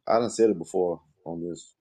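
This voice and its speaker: A Southern man with a very deep, husky voice and a dark, mellow tone. He talks in a low-key, mumbled way, full of crude slang. He sounds laid back as he trades stories on a podcast. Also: fairly quick. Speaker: podcast co-host. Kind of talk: casual storytelling chat.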